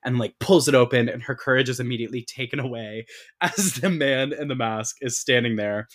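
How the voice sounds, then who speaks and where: A man's voice: medium pitch, a little fast. A man co-hosting a podcast, telling a movie's plot in casual, profane chat that is full of "like" fillers. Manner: profane, animated storytelling with many "like" fillers. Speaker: podcast co-host.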